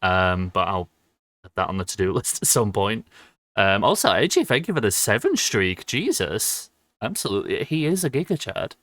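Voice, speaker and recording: A young man talks to his stream chat in a low, relaxed voice, rambling with plenty of ums and quick laughs. The sound is dry and close, with no room echo around him. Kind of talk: casual livestream chat with viewers.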